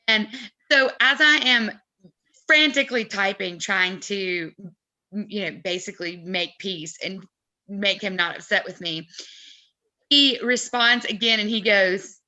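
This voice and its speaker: A woman in a casual live chat, telling an anecdote in an animated, chatty way. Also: medium pitch, unhurried. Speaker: co-host of a fan merch live chat.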